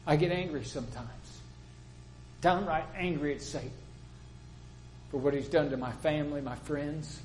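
Older male preacher, slightly high-pitched, folksy storytelling sermon delivery. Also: normal speed, pauses often, a little hiss or hum, rough recording. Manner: plain-spoken storytelling preacher, quotes people in lively voices.

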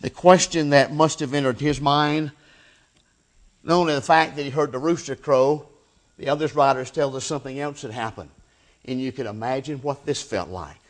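A man preaching a sermon, swinging between loud emphatic peaks and hushed, low endings, and reading scripture aloud. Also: normal speed.

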